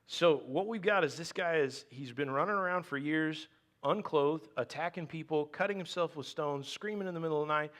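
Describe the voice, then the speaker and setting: A man's voice: on the high side, fairly quick, a bit bright. A man preaching a conversational sermon as pastor, reading scripture aloud and breaking off into playful, joking asides.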